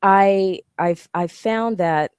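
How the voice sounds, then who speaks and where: A woman's voice: mid-range voice, very slow, darkish tone, clean tone, no room sound, clean studio sound. A woman vlogging to camera, talking bluntly and animatedly, swearing freely. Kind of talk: casual talking-head vlog.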